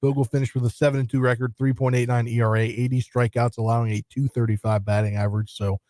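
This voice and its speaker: A man co-hosting sports talk radio, reading headlines briskly with casual asides. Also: mid-range voice, little pitch movement, a little mellow, no room sound, clean studio sound. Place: radio studio. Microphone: studio microphone.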